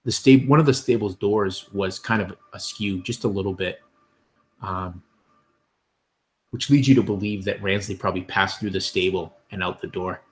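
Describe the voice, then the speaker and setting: A man's voice: low voice, moderate pace. A man narrating scenes as game master of a tabletop game, with many ums and restarts.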